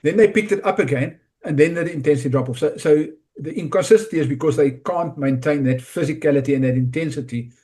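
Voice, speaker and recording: Chatty man, slightly high voice. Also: quick pace, hardly any pauses. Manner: restarts, repeats words, relaxed analytical. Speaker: rugby pundit. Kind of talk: casual podcast chat.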